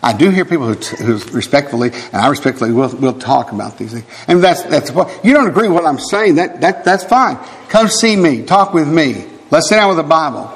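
A man in his sixties preaching a sermon, emphatic and animated, breaking into quick laughs and asides. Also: on the high side. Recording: long reverb of a hall.

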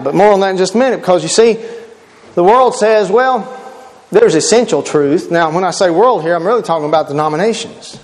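A man's voice: sits high, big-room sound. A man preaching a sermon, emphatic and quoting scripture, repeating key words for stress.

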